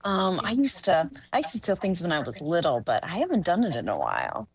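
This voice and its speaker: Lady doing improv, chatty, lowish voice, swoops all over, dry sound. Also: huge pitch swings, brisk. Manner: chatty, many fillers and restarts. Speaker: improv performer. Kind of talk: live improv comedy scene.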